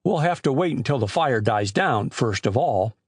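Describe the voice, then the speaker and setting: A man reading a storybook voicing a steady teenage boy, the calm older brother, who takes charge. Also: mid-range voice, moderate pace, slightly rough, no echo, studio quality.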